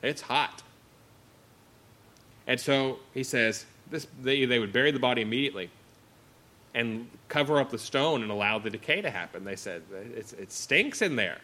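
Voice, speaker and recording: A man with a bright, forceful voice delivers a sermon. He reads scripture aloud and explains it with earnest conviction, swinging between strong emphasis and hushed, slowed readings. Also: medium pitch, animated. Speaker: pastor.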